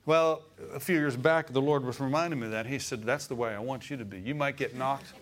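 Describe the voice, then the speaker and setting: Middle-aged guy preaching in church, folksy, laughs a lot, keeps asking for amens, pitch right in the middle. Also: a little fast. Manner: folksy, animated preaching with chuckles and call-and-response. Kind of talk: sermon.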